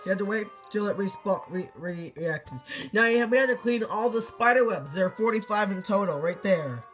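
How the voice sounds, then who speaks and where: A high-pitched teenage boy talks through a game in loose, casual commentary, tripping over his words and breaking into sudden exclamations. Faint game music plays softly behind him. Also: brisk, low-quality recording. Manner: excitable, rambling, frequent restarts and exclamations. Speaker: gameplay commentator.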